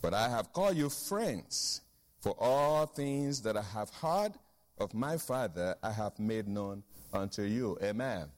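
A man's voice: lowish voice, lively intonation, a little slow, big-room sound. A man preaching a sermon as pastor, emphatic, repeating key phrases and asking the congregation for an amen.

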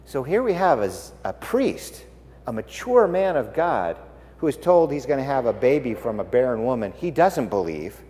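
Animated preacher in a ringing hall. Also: male voice, mid-range voice, moderate pace. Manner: animated, swings from loud to hushed. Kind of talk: sermon.

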